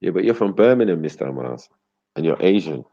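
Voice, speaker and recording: Gravelly dude on a livestream, teasing chat, slangy, dull lo-fi sound. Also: male voice, low voice, sing-song, quick pace, no room sound. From Britain. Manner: teasing, slangy and swearing, talks to chat by name. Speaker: livestream host. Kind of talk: casual livestream chat with viewers. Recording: dull lo-fi stream audio.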